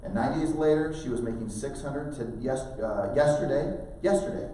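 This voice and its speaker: A man's voice: medium pitch, fairly quick. Man giving a motivational talk in an echoey hall. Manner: animated storytelling, acting out quoted dialogue. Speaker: motivational speaker at a real estate training event. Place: large conference room. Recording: very echoey hall, distant, faint hiss.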